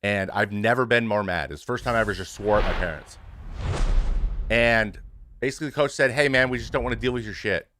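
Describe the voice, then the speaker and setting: A man in his thirties, a former pitcher hosting his show, speaking frankly and casually to his stream audience, with swearing and many restarts. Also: brisk, background noise.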